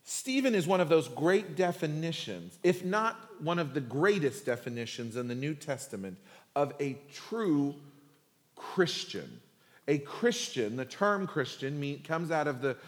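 A male pastor preaching in a lively, conversational style, full of humor. His voice sits a touch high for a man. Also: normal speed, big-room sound. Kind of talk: sermon.

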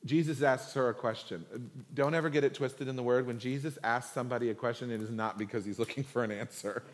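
A man preaching a sermon in a lively, humorous, conversational way. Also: medium pitch, fast talker, in a large hall. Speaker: pastor.

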